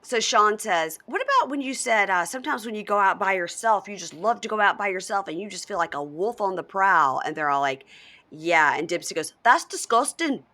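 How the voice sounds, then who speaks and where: A woman in casual podcast chat, recapping a reality show with animated storytelling and acting out quoted lines in voices. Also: mid-range voice, a little fast. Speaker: podcast co-host.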